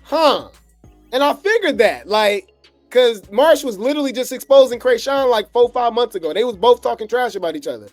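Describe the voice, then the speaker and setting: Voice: mid-range voice, animated, fairly quick, no room sound, soft background music. A gossip commentary host, reacting to clips with sarcastic, incredulous asides.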